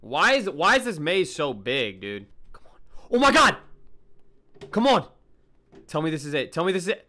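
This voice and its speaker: A young man streaming a horror game, chatting with viewers in slang and yelping and shouting at every scare. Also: on the high side, a little fast. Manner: excitable, yelps and shouts at scares. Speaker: gaming streamer. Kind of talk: live gameplay commentary to chat.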